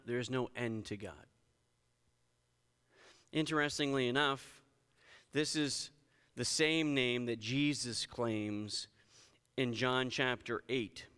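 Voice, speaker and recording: A man's voice: medium pitch, sharp tone, clean tone. A man, a pastor, giving a conversational sermon and reading scripture with emphasis. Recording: reverberant hall.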